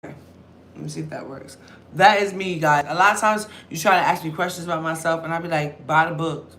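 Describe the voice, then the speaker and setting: Loud, chatty young woman vlogger, bright voice. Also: low voice, fairly even intonation, fast talker. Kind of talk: casual talk to camera.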